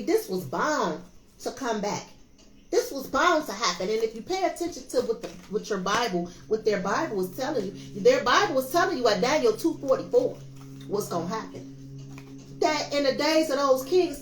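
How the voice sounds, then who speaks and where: Impassioned female tarot host with a preachy delivery who hammers lines by repeating them. Roomy, echoey sound with a faint music bed. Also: on the high side. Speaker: tarot reader and show host. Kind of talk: spiritual tarot reading monologue.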